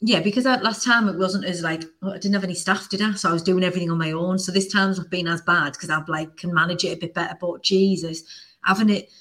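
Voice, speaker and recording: A woman's voice: on the low side, fairly even intonation, fast talker, fairly bright tone. A Northern English woman in her thirties hosting a podcast. She chats casually and rambles through stories with lots of fillers. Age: 30s. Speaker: podcast host. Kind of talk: casual chat.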